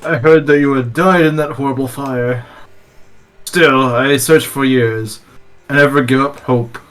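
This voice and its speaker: A man's voice: mid-range voice, fairly even intonation, unhurried, fairly bright tone, natural voice. A man voicing an earnest older uncle. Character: warm older uncle, emotional and hopeful.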